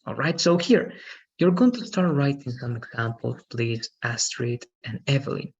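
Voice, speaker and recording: Patient teacher on a husky, muffled call. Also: mid-range voice, animated, moderate pace. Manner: patient, correcting pronunciation. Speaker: English teacher. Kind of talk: online language lesson. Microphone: video call.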